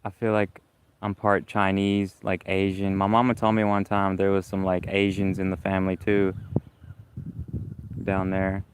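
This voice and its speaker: A man with a Southern US accent chatting casually on a livestream, talking slowly around a stammer. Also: low voice, completely flat delivery, a little hiss or hum. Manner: stammer, slow careful breathing; chatty, rambling. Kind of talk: casual live chat.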